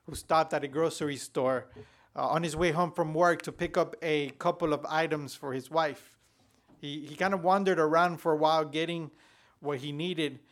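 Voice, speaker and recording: A male pastor delivers his sermon for a church podcast. His voice sits a little high for a man. He tells a story in a conversational way, often restarting his sentences. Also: a bit bright. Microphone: podcast recording.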